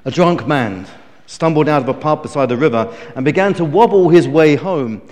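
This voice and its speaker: A man's voice: a little high, expressive, moderate pace, a little mellow, in a large hall. A middle-aged man preaching a sermon, telling stories with emphasis and small restarts. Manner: storytelling, emphatic, self-correcting.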